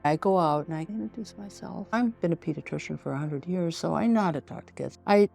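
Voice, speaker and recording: A woman in her sixties tells a story as a podcast guest, slipping into the voices of the people she describes. Her voice is gravelly and mellow. Soft music sits faintly behind her. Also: lowish voice, brisk. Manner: vivid anecdotal storytelling, acting out quotes. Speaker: forensic pediatrician guest.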